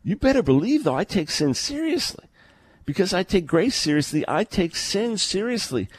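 A man's voice: high-pitched, big pitch swings, normal speed, dry recording. A man hosting a live call-in radio talk show, speaking earnestly and conversationally, often repeating a word as he starts a sentence. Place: remote location, early morning.

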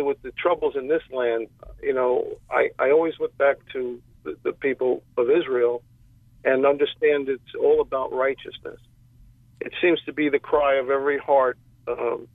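A man calling in to a radio talk show, speaking haltingly with many restarts and fillers. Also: medium pitch, no echo. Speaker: caller. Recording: tinny phone line.

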